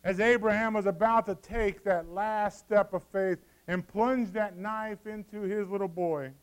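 Man, pastor, sermon, high pitched, smooth resonant voice, dramatic hushed-to-loud delivery. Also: fairly even intonation, a little slow. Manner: dramatic preaching, acting out scripture dialogue.

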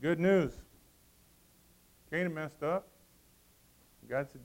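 High-voiced preacher calling to his congregation. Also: normal speed. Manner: calls out to the congregation, swings from loud to hushed; reads scripture in old-fashioned wording. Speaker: pastor. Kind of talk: sermon.

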